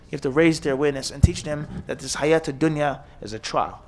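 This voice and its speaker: A man with a somewhat high-pitched voice delivers a sermon at an Islamic center. He lectures emphatically, stacking instructions in lists and pressing his points with rhetorical questions. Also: a little fast. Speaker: imam. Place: mosque or Islamic center hall.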